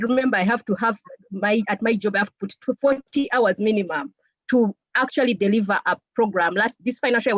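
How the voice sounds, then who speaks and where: A woman speaking to a women's group as a co-founder and technical officer, lively and animated, laughing often and speaking straight to her listeners. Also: on the high side, no echo. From Uganda. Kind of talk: motivational talk. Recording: dull lo-fi sound.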